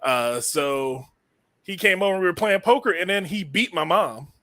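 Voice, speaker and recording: A man hosting a comedy podcast, telling stories with animated laughter. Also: sits high, moderate pace, no room sound. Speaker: podcast host. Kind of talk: casual comedy podcast chat.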